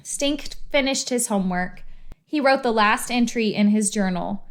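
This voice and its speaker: A woman reading a children's book aloud in an expressive, animated storytelling manner. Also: a little high, a little slow.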